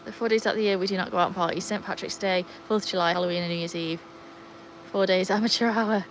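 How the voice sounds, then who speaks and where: A woman's voice: medium pitch, steady tone, fast talker, slight background noise, poor audio. An English woman hosting a casual livestream outdoors, chatting with viewers and greeting them by name. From England. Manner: baby-talks and calls to the dogs. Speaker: livestream host with dogs. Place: outdoors by a pool in sunshine.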